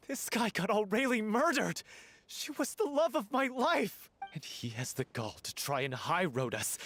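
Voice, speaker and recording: A man's voice: high voice, a bit bright, no room sound, full character voice. An actor voicing a grieving male troupe member who angrily accuses a colleague. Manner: accusing, angry. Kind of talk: game voice acting.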